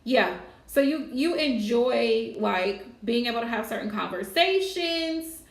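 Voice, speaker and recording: A woman's voice: a little high, lively intonation, unhurried, creaky, reverberant. A woman doing a live tarot reading, chatty and casual, laughing often. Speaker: tarot reader.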